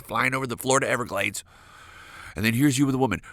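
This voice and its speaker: A man's voice: mid-range voice, quick pace, a bit bright, no echo, clean studio sound. A man hosting a podcast, ranting crudely and animatedly in a comedic solo monologue. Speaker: podcast host.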